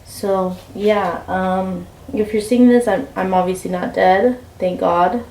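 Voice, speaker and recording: A woman's voice: mid-range voice, fairly even intonation, slow pace, darkish tone. A young woman vlogger telling a rambling story while packing, full of fillers and "like". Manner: chatty, rambling with many fillers and "like". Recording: roomy, mic a bit far off.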